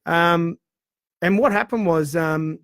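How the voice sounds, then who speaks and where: A man's voice: fairly high pitch, slow, fairly bright tone, no echo. A man, a drummer guest, telling stories in a rambling casual way with lots of restarts. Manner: rambling storyteller, many fillers and restarts. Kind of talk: casual interview chat.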